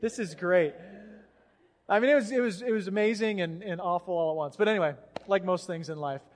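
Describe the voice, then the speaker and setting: High-voiced male pastor in a reverberant church. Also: fast talker, a little hiss or hum. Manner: animated storytelling with acted-out quotes. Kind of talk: sermon. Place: church sanctuary. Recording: long hall reverb in a church.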